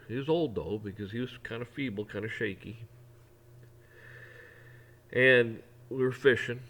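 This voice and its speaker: A man's voice: medium pitch, unhurried, a bit bright. A middle-aged man talking in a casual, folksy way, rambling through an opinion monologue with frequent restarts. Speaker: vlogger.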